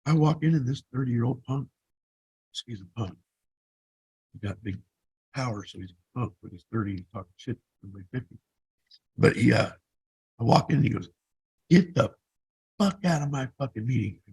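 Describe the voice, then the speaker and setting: A man's voice: mid-range voice, moderate pace, gravelly, long pauses, a little mellow, slightly rough, poor audio. A man in his fifties who vlogs, telling his own story in a blunt, profane, rambling way. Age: 50s. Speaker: vlogger. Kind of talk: casual personal storytelling.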